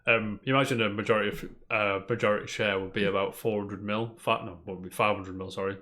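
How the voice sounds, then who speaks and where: A man with a fairly low voice co-hosts a casual podcast. He reads out news stories and rambles between them, throwing in a friendly "mate" every few lines. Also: steady tone, quick pace, bright, forceful tone. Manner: chatty, rambling, peppers talk with "mate". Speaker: podcast co-host.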